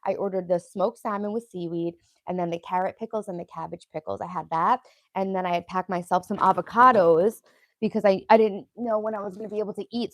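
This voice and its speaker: A woman's voice: lowish voice, no echo. A young woman hosting a casual livestream, chatting in a rambling way and answering viewers' comments. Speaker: livestream host.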